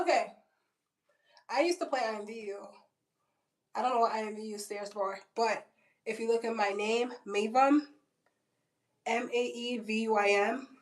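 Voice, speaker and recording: A woman in her twenties telling a story in a casual, blunt vlog, with frequent fillers and swearing. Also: medium pitch. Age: 20s. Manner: chatty and blunt, heavy on "like" and swearing. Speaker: vlogger. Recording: roomy, distant from the mic.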